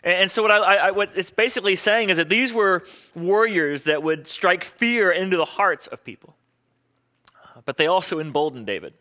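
A man's voice: high-pitched, moderate pace, pushed and bright. A middle-aged man preaching as a pastor, telling chatty personal stories in a sermon. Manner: chatty, storytelling, quotes people in voices.

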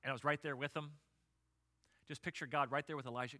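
Bright dry-sounding pastor guy, animated sermon storytelling. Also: mid-range voice, fast, dry recording. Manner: animated storytelling, drops to soft prayer.

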